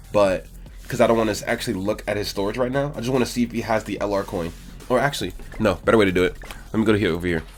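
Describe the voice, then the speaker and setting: A young man giving casual gaming commentary, blunt and exasperated as he reviews an account and swears often. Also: fairly low pitch.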